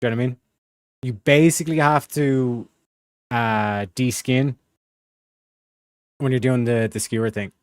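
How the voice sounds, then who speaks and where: A man's voice: medium pitch, fairly even intonation, unhurried, long pauses, clear, resonant tone, no room sound, studio quality. Rambling man chatting on a stream. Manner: rambling, slangy, peppered with "bro" and "you know what I mean". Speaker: livestream host. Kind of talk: casual chat.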